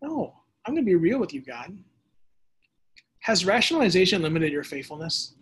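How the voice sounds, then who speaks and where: A man preaching a sermon as pastor, lively and conversational, acting out voices and adding casual asides. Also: high voice, brisk, slightly rough. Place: church or home setting during the pandemic.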